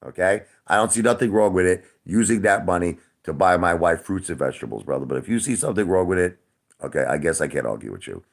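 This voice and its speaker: A man's voice: sits low, animated, quick pace, vocal fry. A man in his forties answering his chat on a casual livestream, defensive and repetitive, who keeps calling the viewers brother. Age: 40s.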